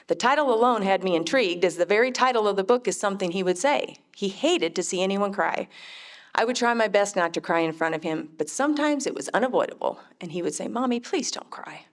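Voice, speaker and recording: A woman's voice: medium pitch, lively intonation. Earnest woman sharing a heartfelt testimony. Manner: earnest, heartfelt, measured delivery. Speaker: mother giving a faith testimony. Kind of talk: personal testimony storytelling.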